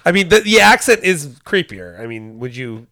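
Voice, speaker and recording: Man, bright high voice, very animated, blunt and profane, dry recording. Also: moderate pace, no echo. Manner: blunt, profane, laughs a lot. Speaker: podcast co-host. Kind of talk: casual chat.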